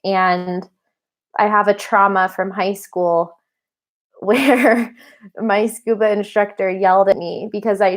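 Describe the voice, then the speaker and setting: Woman in her 30s doing a casual livestream, chatty and rambly, laughs a lot, bit tired. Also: mid-range voice. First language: English. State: a little tired and hungover. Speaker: livestream host.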